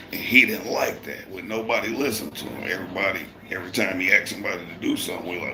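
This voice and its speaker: Deep-voiced man, profane and heated. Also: fast talker, few pauses, noisy background. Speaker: construction worker and livestreamer. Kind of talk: casual storytelling on a live stream. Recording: roomy echo.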